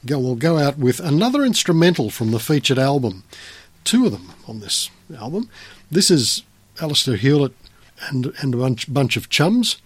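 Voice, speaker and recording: A man's voice: mid-range voice, very animated, moderate pace, breathy edge. A man hosting a radio music show, chatting easily as he back-announces the songs and signs off. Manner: easygoing, chatty, wraps up warmly at the close.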